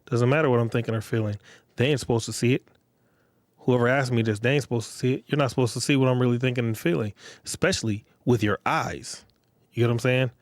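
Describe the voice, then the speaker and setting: A man's voice: medium pitch, a little mellow, no echo. A man hosting his own podcast, talking bluntly and repetitively to his listeners in street slang. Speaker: podcast host. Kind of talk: casual monologue podcast.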